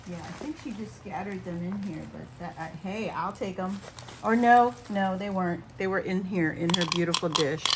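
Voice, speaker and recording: A woman's voice: mid-range voice, slight background noise. A woman vlogger gushing over a craft haul in casual chat, a bit out of breath and laughing often.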